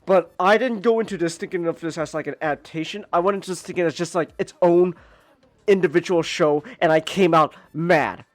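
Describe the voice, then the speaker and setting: A man hosting a casual podcast, ranting and stammering, repeating words and swearing, dropping to mutters then climbing to near-yells. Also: fairly high pitch, a little fast, dry recording. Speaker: podcast host.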